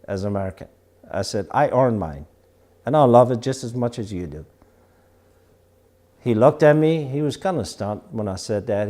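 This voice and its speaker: Older man telling war stories, mellow voice. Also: mid-range voice. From Iran. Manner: animated storyteller acting out quoted dialogue. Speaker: interviewee, veteran. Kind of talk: storytelling interview.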